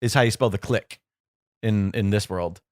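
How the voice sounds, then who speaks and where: A man's voice: normal speed, dry recording, clean studio sound. A man co-hosting a podcast, chatting casually and joking while watching along. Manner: animated, joking, jumps into silly high voices. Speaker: podcast co-host.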